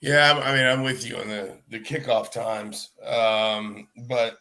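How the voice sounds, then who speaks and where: A man's voice: medium pitch, a little slow, bright, forceful tone. A man joining a sports radio show as a guest, talking in a hedging, easygoing way. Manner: hedging, lots of you know and kind of. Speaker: guest reporter. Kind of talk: casual sports radio chat.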